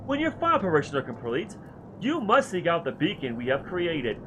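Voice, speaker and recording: A man voicing a calm, solemn young male scholar mage in a video game, speaking in a measured, formal way. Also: fairly high pitch, a little hiss or hum, rough recording.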